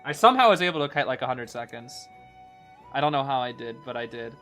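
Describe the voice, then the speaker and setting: A young man commentating live gameplay as a streamer, excitable, dropping into low groans and then breaking into sudden shouts. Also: fast, soft background music. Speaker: game streamer.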